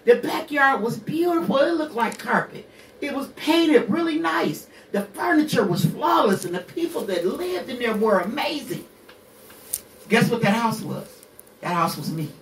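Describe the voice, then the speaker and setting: A woman's voice: fairly high pitch, expressive, normal speed, reverberant, distant mic, slight background noise. A woman in her sixties hosting a radio show, telling her own hard story bluntly, with curses and rhetorical questions. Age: 60s. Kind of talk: candid personal monologue.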